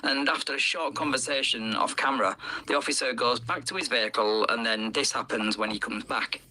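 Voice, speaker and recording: Channel host, man, dry critical narrator, very bright cutting tone. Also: mid-range voice, brisk, a little hiss or hum, low-quality recording. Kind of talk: narrated commentary.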